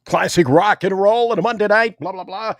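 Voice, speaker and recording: A man's voice: high voice, brisk, no echo, clean studio sound. A middle-aged man co-hosting a sports talk show, chatting casually and laughing easily. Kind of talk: casual banter.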